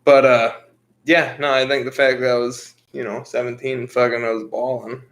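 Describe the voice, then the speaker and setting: A man's voice: mid-range voice, flat delivery, normal speed, fairly bright tone. A man in his twenties co-hosting a podcast, telling a story in a blunt, rambling, profane way. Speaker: podcast co-host. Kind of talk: casual storytelling chat.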